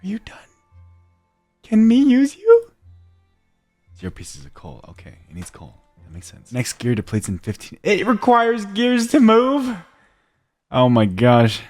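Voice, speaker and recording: A young man giving casual gameplay commentary, talking to himself, muttering quietly at times and breaking into loud excited shouts. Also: a little high, normal speed, soft background music. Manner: drops to near-whispered mutters while working. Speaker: gaming YouTuber.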